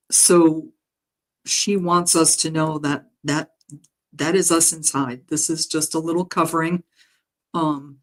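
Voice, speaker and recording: A woman reading out a spiritual healing message, her voice sitting low for a woman. She speaks slowly and gently, pausing often and filling the gaps with soft ums. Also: low-quality recording. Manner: gentle, halting, with frequent ums and soft laughs. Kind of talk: guided meditation message reading. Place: home live stream.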